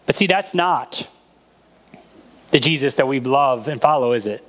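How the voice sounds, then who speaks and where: A man's voice: sits high, normal speed, long pauses, a bit bright. A man preaching a sermon as a pastor, retelling a Bible story and acting out the voices in it.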